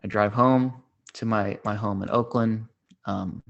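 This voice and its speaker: A man's voice: lowish voice, fairly even intonation, a little slow, vocal fry, a bit bright, dull audio. A man in his thirties, a podcast host, telling a personal story in a rambling, casual way with many fillers and restarts. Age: 30s.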